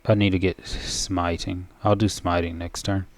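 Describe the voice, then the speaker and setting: A man giving casual commentary as he plays a video game, thinking aloud in a relaxed way. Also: deep voice, moderate pace, a little hiss or hum.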